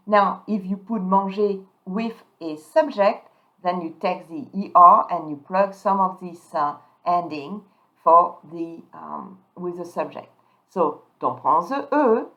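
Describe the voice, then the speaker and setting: Lady teaching verb endings, says the words slow and clear, kinda muffled lo-fi audio. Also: mid-range voice, fairly bright tone. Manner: slow, emphatic modelling of French words. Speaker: French teacher. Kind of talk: pronunciation lesson. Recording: dull lo-fi sound.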